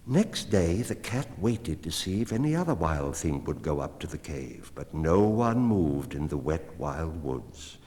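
A man reading a storybook aloud in a rhythmic, expressive way. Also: extremely low pitch, measured pace, hardly any pauses. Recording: long hall reverb.

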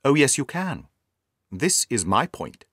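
A man reading the lines of a calm, quietly confident detective in a storybook. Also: medium pitch, a little slow, dry recording, studio quality. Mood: assured. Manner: quiet and assured.

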